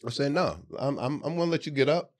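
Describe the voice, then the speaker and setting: A man telling a story in relaxed casual conversation on a comedy podcast, acting out quoted lines in a low-key way. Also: fast talker.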